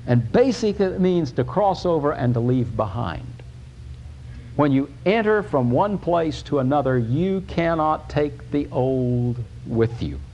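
A man preaching a sermon, emphatic, with pauses and restarts. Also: fairly high pitch, animated, darkish tone, muffled recording, a little hiss or hum.

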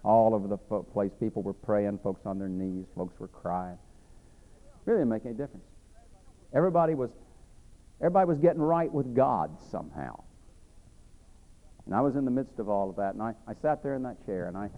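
A very deep-voiced man preaches his testimony, earnest and repetitive, swinging from raised passages to near-hushed ones. The sound is thin and narrow, like a phone line. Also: brisk, long pauses. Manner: earnest, repeats himself, rises then drops to a hush. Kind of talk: sermon testimony storytelling.

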